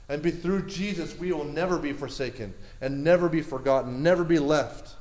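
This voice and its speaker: High-voiced energetic preacher man, echoey room. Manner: energetic, conversational, repeats words, asks the crowd questions. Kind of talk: sermon.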